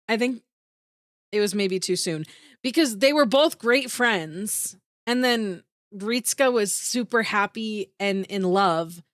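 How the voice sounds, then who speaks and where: A woman's voice: mid-range voice, a bit bright, no echo, studio quality. A woman streamer chatting casually with her viewers, bubbly and giggly, full of "like" fillers, with an emotional voice that rises into teary squeals.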